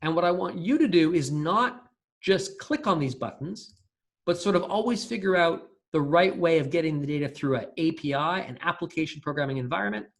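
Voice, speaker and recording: A man's voice: on the high side, expressive, a little fast, creaky. A man teaching a recorded programming class, talking casually and thinking aloud with fillers and restarts. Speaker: lecturer. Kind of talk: recorded coding lecture.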